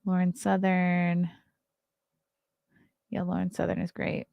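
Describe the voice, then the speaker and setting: A woman's voice: on the low side, monotone, takes it slowly, gravelly, clean tone, no echo, muffled recording. A woman in her thirties hosting a casual solo livestream, chatting, reading articles aloud and reacting to them, yawning often. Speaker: host.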